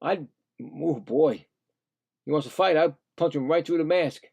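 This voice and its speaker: A high-voiced man with a gravelly, creaky edge calls a hockey game live in a loose, rambling way. He gets indignant fast, restarts his sentences, and talks straight at the players. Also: a little mellow. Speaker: live play-by-play streamer. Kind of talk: casual hockey play-by-play commentary.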